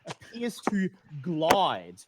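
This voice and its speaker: A man running a tabletop game, narrating scenes in a slightly high voice. He describes each moment plainly and now and then trips over a word before pressing on. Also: wildly swooping pitch, very slow, over a noisy crowd. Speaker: game master.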